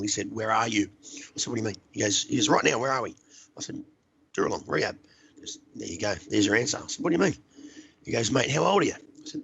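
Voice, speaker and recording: A middle-aged man, a podcast guest, earnestly telling a personal recovery story with halting restarts. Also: fairly low pitch, gravelly, fairly bright tone, rough recording. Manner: earnest, halting, repeats words while searching.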